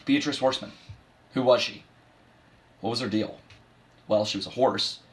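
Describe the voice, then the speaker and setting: A man's voice: mid-range voice, moderate pace, natural voice. A man playing a bitter, washed-up middle-aged male horse who delivers a sardonic, self-deprecating eulogy for his mother. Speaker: son giving a eulogy. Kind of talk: comedic dramatic monologue.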